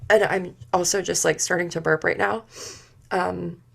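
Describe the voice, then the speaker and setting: Woman doing a spiritual reading, kinda fried gravelly voice, trails off and fumbles for words a lot. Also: fairly low pitch, steady tone, fairly bright tone. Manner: halting, searching for words, many fillers. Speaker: spiritual session leader.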